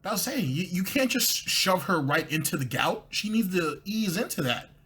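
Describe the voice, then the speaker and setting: Husky man with dry mocking commentary. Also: sits high, big pitch swings, normal speed, pushed and bright. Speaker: commentary host. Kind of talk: sarcastic commentary over clips.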